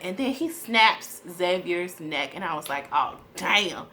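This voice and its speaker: A woman's voice: fairly low pitch, measured pace, few pauses, fairly bright tone, a little hiss or hum. A woman chatting casually to her viewers while recapping a TV episode, with frequent fillers and asides. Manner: chatty, addresses viewers as y'all, many fillers. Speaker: TV recap vlogger.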